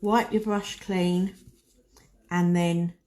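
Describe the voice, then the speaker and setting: A woman's voice: on the low side, steady tone, drawn-out words, warm tone. A woman giving a chatty, casual nail art tutorial, talking herself through each step as she paints. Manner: chatty, talks to herself while working.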